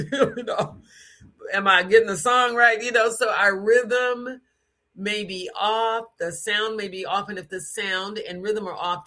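An adult speaking in an unscripted teaching talk about sound, with a strong, frank and direct tone. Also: medium pitch. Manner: demonstrates sounds with lively put-on voices and bits of song.

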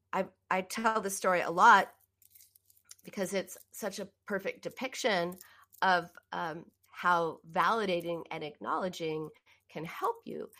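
A woman coaching listeners on binge eating in an earnest, emphatic self-help talk, addressing them directly. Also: a bit bright. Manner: earnest and emphatic, often rising in pitch for emphasis; speaks directly to the listener in second person.

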